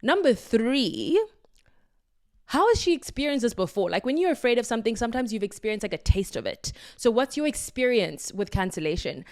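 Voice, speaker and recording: A woman's voice: a little high, sing-song, brisk. A woman hosting her own podcast, talking solo in an effusive, affirming and playful way. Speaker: podcast host.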